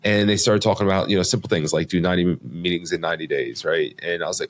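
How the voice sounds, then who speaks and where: Low-voiced man telling his story, rambling. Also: quick pace, few pauses. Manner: rambling, many restarts and fillers. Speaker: podcast guest. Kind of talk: casual storytelling interview.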